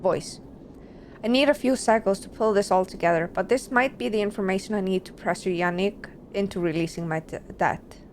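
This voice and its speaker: A woman's voice: medium pitch, brisk, slight background noise, close to an everyday voice. A woman voicing a worried, secretive gang doctor from a video game, read aloud in her plain everyday voice.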